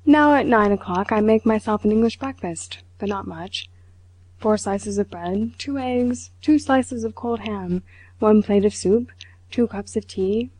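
A woman reads a self-important middle-aged man who boasts and lectures at the dinner table. His voice stays mellow and unhurried. The sound is dry and close. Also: medium pitch, dry recording, natural voice, rough recording. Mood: pompous. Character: pompous boastful middle-aged male official.

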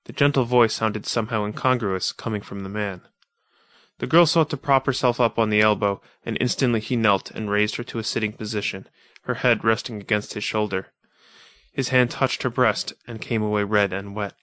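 A man reading an adventure story aloud in a measured, atmospheric manner. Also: fairly low pitch, fairly even intonation, a bit bright, no echo. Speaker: audiobook narrator. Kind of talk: scripted narration of a pulp adventure story.

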